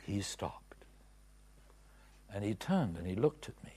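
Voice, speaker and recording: A man preaching a testimony in a sermon, swinging from hushed whispers to loud cries. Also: on the low side, big pitch swings, slow pace, husky. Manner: dramatic swings from whispers to shouts.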